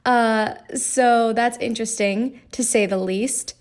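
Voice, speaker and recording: A woman's voice: on the high side, fairly even intonation, takes it slowly. A young woman giving a chatty, rambling voice-over on her game build, with lots of fillers. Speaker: game streamer. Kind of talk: casual voice-over commentary.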